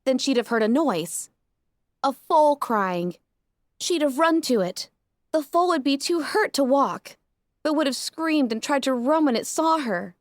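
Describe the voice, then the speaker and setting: Impassioned high-voiced woman narrator. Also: no echo, clean studio sound. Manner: emotional, impassioned delivery. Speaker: audiobook narrator. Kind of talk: first-person fan fiction audiobook reading.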